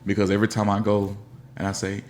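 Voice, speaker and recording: A man's voice: on the low side, completely flat delivery, fast, darkish tone, a little hiss or hum. A man with a Memphis accent hosting a podcast, talking in a laid-back, slangy way and acting out other people's voices. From Memphis, Tennessee. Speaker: podcast host. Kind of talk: casual interview chat.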